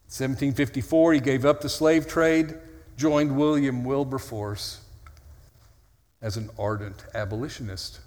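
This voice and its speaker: A man's voice: mid-range voice, fairly even intonation, a little slow, a little mellow. A male pastor preaching an earnest, conversational sermon with dry, self-mocking humor. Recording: long hall reverb.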